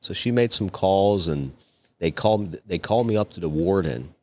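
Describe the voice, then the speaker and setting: A man's voice: deep voice, animated, normal speed, warm tone, slight background noise. A young adult man, a podcast guest, telling a story in casual chat, swearing freely and acting out the voices of the people in it. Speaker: podcast guest, cigar company owner.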